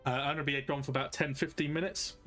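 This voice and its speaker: A man's voice: on the high side, fairly even intonation, quick pace, fairly bright tone, faint music behind. A man hosting a live game stream, chatting casually in a rambling, jokey way that keeps correcting itself. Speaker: streamer host.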